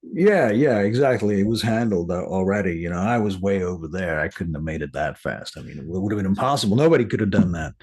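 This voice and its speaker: Man voicing vain young noble; boastful, evasive, husky low tone. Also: animated, fast, darkish tone, exaggerated voice. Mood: smug evasive.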